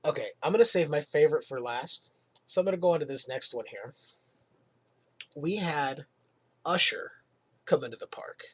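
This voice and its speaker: A man hosting a podcast, telling casual anecdotes from his old job in an animated way. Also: on the high side, normal speed, pauses often, slightly rough. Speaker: podcast host. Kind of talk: casual storytelling monologue.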